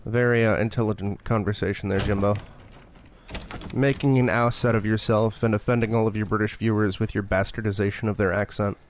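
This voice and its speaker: A man's voice: on the low side, fairly even intonation, brisk, a little hiss or hum. A man giving casual gameplay commentary as a streamer, joking, swearing and muttering to himself. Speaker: game streamer.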